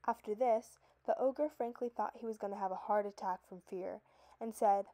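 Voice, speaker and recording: Mellow woman narrating a folktale. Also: mid-range voice, fairly even intonation, normal speed, low-quality recording. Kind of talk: scripted storybook narration.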